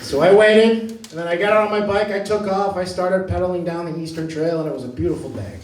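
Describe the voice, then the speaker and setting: A man's voice: high voice, brisk. A man from Maine doing a stand-up comedy set on a club stage, rambling and self-deprecating as he tells his stories. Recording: echoey room from a distance. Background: audience laughter.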